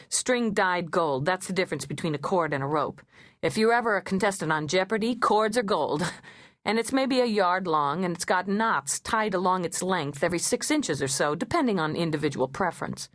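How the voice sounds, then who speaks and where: A woman's voice: on the low side, animated, moderate pace, dry recording, clean studio sound, natural voice. A woman voicing a frank, worldly female friend who talks in a blunt, breezy, knowing way.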